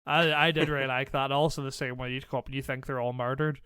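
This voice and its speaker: A man co-hosting a casual podcast chat, laughing often and retelling scenes with animated energy. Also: mid-range voice, fast, smooth, no echo. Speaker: podcast co-host.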